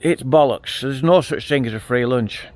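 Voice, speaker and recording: A middle-aged man chats bluntly to his camera outdoors beside a field. His voice sits at an ordinary middle pitch, and his talk comes in a casual, restarting flow. The sound is captured on a handheld phone. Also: moderate pace, a little mellow. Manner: chatty, blunt storyteller with frequent restarts. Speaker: vlogger.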